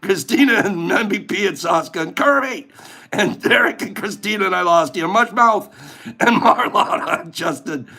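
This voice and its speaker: A man hosting a livestream, reading out viewer names in casual chat and laughing through his words with a husky voice. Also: high voice, animated, moderate pace, bright, forceful tone. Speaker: livestream host.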